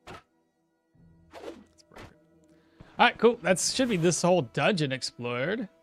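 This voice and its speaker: A man's voice: high-pitched, sing-song, slow pace, fairly bright tone, soft background music. A man giving casual gameplay commentary, thinking aloud, chuckling often and answering chat as he plays. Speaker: streamer playing a game.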